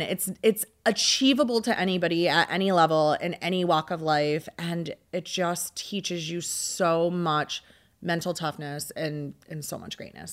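A woman co-hosting a podcast in casual chat, upbeat and emphatic, talking in short punchy phrases. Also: on the low side. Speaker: podcast co-host.

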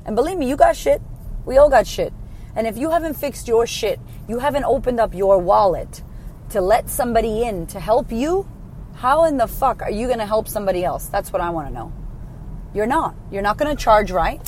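A woman in her thirties, a life coach, telling her story in a blunt, sweary, animated way. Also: on the high side, brisk, a little hiss or hum. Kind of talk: casual storytelling to camera.

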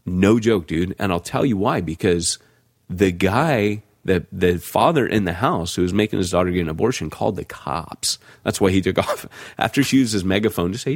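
A man who co-hosts a podcast and pastors a church, telling a story in a casual, animated way with lots of fillers. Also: low-pitched, moderate pace, dry recording, studio quality.

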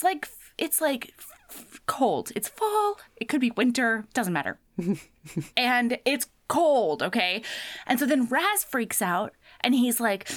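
A woman casually recapping a book for her co-hosts, acting out quotes and swearing as she goes. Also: high voice. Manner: animated storytelling with acted quotes and swearing. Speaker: podcast co-host recapping a book. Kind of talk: casual chat.

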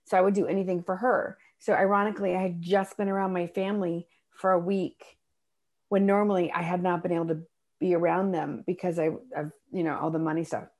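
A middle-aged woman telling a personal story in a casual chat, animated and acting out the voices of people she quotes. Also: lowish voice, a little fast. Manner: animated, acts out voices in her stories. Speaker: guest.

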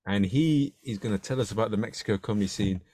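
A man's voice: on the low side, quick pace, warm tone. A man with a London accent hosting a podcast, chatty, often stumbling over his words and laughing. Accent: London English. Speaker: podcast host. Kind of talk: casual interview chat.

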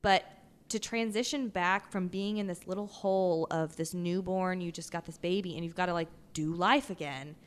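Offene Mutter mit klarer Stimme. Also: female voice, fairly low pitch, steady tone, normal speed, smooth. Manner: candid, searching for words. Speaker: podcast co-host, mother of two. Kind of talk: casual chat.

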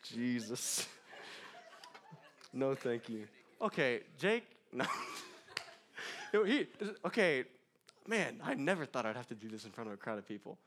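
A man's voice: mid-range voice, big pitch swings, unhurried, pauses often, fairly bright tone. A young man preaching a casual, joking sermon in a church, laughing often between lines. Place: church in front of a crowd.

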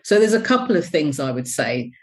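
A woman's voice: deep voice, very animated, a little fast, darkish tone. A woman who works as a business coach, speaking as an interview guest and telling personal stories candidly and expressively. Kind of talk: reflective personal storytelling.

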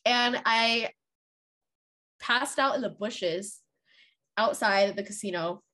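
A woman's voice: on the high side, slow pace, sharp tone. A woman co-hosting a podcast, telling her own stories in candid, self-deprecating casual chat. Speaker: podcast co-host.

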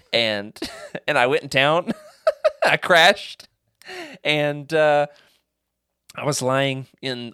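Male podcast co-host, mid-pitched, chatty storyteller who acts out quotes, dry close sound. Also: smooth, no room sound. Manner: rambling anecdotes with restarts and animated quoted voices. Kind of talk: casual chat.

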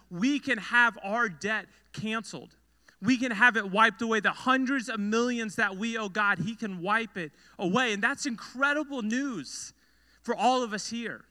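A man's voice: high-pitched, pushed and bright, clear, resonant tone. A young man preaching a sermon to students as a youth pastor, telling a story earnestly and repeating phrases for emphasis. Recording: long hall reverb.

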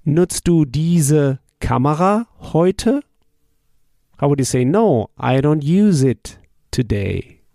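A man teaching a language drill lesson. He asks a question, then answers it and repeats the phrases slowly and patiently. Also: fairly high pitch, big pitch swings, gravelly, dark tone, no room sound, studio quality. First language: German.

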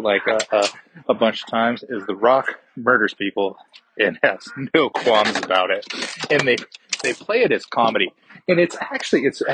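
A man's voice: lowish voice, noisy background. A man recapping a movie plot in a casual, rambling way, swearing freely and trailing off into fillers and restarts. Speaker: podcast movie reviewer.

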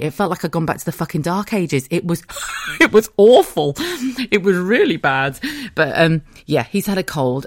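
A woman's voice: low voice, darkish tone, dry recording, clean studio sound. A woman in her thirties with a British accent, hosting a podcast as a casual, rambling monologue and swearing freely. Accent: British English. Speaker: podcast host.

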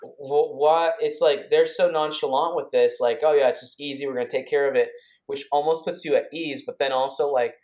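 A man co-hosting a podcast, recounting events in a casual, rambling way with many restarts and quick bursts. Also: fairly high pitch, steady tone, darkish tone. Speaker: podcast co-host. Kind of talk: casual conversational storytelling.

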